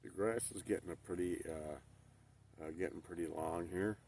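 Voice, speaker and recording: A middle-aged man from Newfoundland with an Ontario Canadian accent, chatting in a relaxed, rambling way with many hesitations at his campsite. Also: low voice, moderate pace, creaky. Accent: Ontario Canadian, faint Newfoundland. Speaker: camping vlogger. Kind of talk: casual chat. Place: outdoor campsite in the woods. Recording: distant outdoor mic with faint noise.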